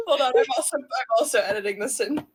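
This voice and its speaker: A woman's voice: high voice, animated, fast, breathy edge. A woman narrating her character in a casual tabletop role-play, chatty and often laughing.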